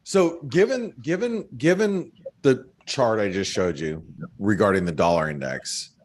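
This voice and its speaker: Low-voiced man chatting over charts. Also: lively intonation, measured pace. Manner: loose and chatty, many fillers, laughs at his own jokes. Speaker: market analyst on a trading webinar. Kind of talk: casual chat walking through charts.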